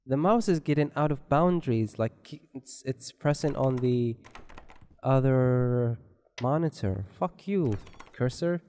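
A man's voice: mid-range voice, expressive, measured pace, dark tone, slight background noise. A man giving rambling, joking commentary while playing a horror game, swearing often. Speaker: gameplay commentator.

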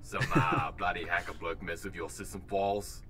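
Game role: male actor as a sleazy Australian computer, deep voice, crude teasing. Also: fairly even intonation, normal speed, heavy background noise, close to an everyday voice. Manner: crude, teasing, slangy banter.

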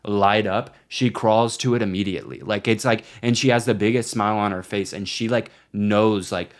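A man's voice: lowish voice, steady tone, normal speed. A young man in his twenties, co-hosting a podcast, rambling in casual chat with lots of swearing and filler words. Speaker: podcast co-host.

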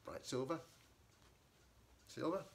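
A man's voice: a little high, gravelly, a little hiss or hum, pitched above the performer's own voice. A man doing a feisty little girl cat. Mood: assertive. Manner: indignant, quick to argue. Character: blind female ninja cat, bold and feisty.

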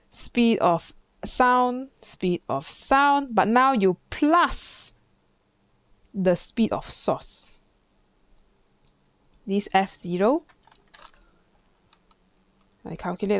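A woman tutor talks through an exam problem in a chatty, thinking-aloud way, now and then imitating sounds. Her pitch sits in a middle range. The recording is dry, with almost no room sound. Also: clear, resonant tone, no room sound. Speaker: physics tutor. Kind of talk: exam question walkthrough. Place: classroom.

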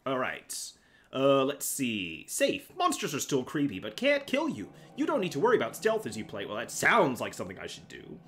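A man hosting a live game stream, joking and mocking himself as he plays. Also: medium pitch. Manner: jokey, animated, self-mocking.

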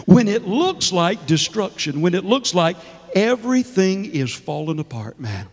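A man's voice: sits high, very animated, unhurried. A middle-aged man preaching as a guest minister, exuberant and laughing often, calling out to the congregation in a church. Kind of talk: sermon. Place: church sanctuary. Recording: long church reverb.

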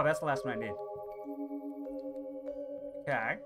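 A man's voice: medium pitch, slow pace, pauses often. A man commentating a horror game as he plays, joking and talking back to the character chasing him, with yelps and laughter. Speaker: gaming commentator. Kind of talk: let's play commentary. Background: horror game music.

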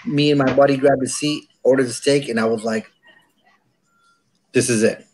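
Man, casual livestream chat, relaxed storyteller, mid-pitched voice, offhand swearing. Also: fast talker, rough recording. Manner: relaxed, laid-back anecdotes with casual swearing.

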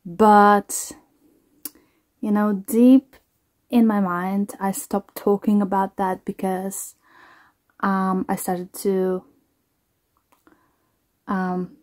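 A woman speaking slowly and softly in a casual vlog, her sentences halting and restarting as she gathers her thoughts. Her voice sits at an ordinary middle pitch, unhurried and reflective. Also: little pitch movement. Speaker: singer. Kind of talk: casual reaction vlog talk.

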